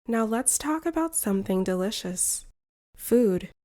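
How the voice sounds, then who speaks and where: A woman from the United States, an English teacher reading a shadowing lesson in slow, carefully separated phrases. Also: a little high, lively intonation, warm tone. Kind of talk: slow shadowing practice narration.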